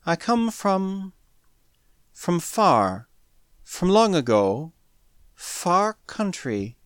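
A man voicing a mysterious catlike alien woman who speaks slowly in broken, hushed phrases. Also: high-pitched, big pitch swings, clean tone, dry recording, studio quality, pitched above the performer's own voice, exaggerated voice. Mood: halting, hushed. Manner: halting broken speech, slow and hushed.

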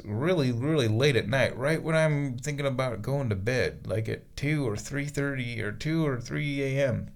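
A man's voice: medium pitch, creaky. A man chatting aloud from a bathroom bathtub, musing to himself and cooing at his cat. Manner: talks baby-talk to his cat, muses aloud. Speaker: vlogger. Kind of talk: rambling casual monologue.

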